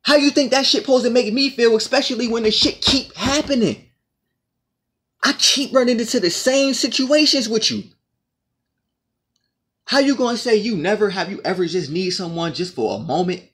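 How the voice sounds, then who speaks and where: A man's voice: very high-pitched, normal speed, fairly bright tone. A man in an aggrieved, profane monologue to the camera, repeating his points as he rants. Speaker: vlogger.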